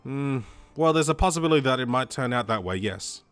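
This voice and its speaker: A man voicing a composed young woman lawyer in a game, the gentle, measured older sister. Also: medium pitch, lively intonation, clean tone, soft background music, lightly acted. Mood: calm. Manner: gentle, measured, softly teasing.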